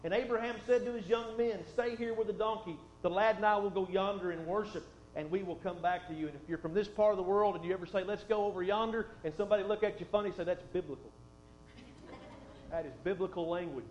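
A man preaching a sermon and reading scripture, folksy and conversational, dropping soft and then swelling for emphasis. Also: high-pitched, fast talker. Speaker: pastor. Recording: roomy, dull sound with faint hum.

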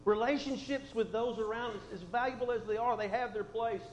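A man preaching a sermon and reading scripture, folksy and conversational, dropping soft and then swelling for emphasis. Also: very high voice, brisk. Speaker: pastor. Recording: roomy, dull sound with faint hum.

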